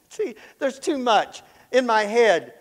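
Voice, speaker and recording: A man teaching the Bible in an animated storytelling way, acting out the characters and chuckling often. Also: very high-pitched, slow, long reverb tail, rough recording.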